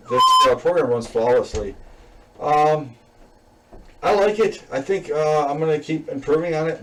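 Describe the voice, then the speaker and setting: Relaxed rambling man, a little off-mic. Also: medium pitch, far from the mic, slight background noise, poor audio. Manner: relaxed, rambling, many fillers and chuckles. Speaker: student presenting a class assignment. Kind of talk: casual screen-recorded code walkthrough.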